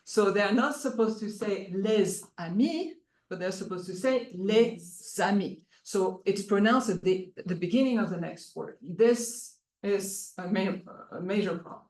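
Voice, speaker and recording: A woman's voice: mid-range voice, a little mellow. Woman presenting research in an echoey room. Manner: explanatory, halting with frequent fillers. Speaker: conference presenter. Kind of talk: academic talk.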